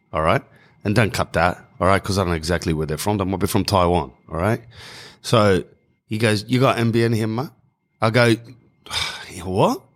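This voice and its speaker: Rambling Australian man telling a comic story. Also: lowish voice. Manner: rambling, slangy, self-correcting. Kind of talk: comedic storytelling monologue.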